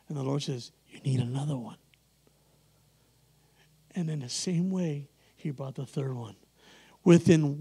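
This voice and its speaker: High-voiced preacher telling a story. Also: male voice, vocal fry. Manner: animated, acts out dialogue, laughs often. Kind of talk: sermon storytelling.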